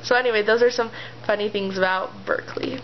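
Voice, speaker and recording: A woman's voice: medium pitch, steady tone, fairly quick, slight background noise. Chatty woman rambling through a story. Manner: chatty, rambling, full of "like" and "you know". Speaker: vlogger. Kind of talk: casual storytelling, retelling fan fiction. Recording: slightly dull lo-fi home video audio.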